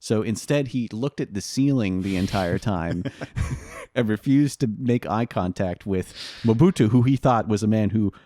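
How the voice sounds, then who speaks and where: A man's voice: lowish voice, moderate pace, dark tone. A man co-hosting a casual history podcast, telling anecdotes and laughing at them. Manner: storytelling, laughs at his own anecdotes. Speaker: podcast co-host.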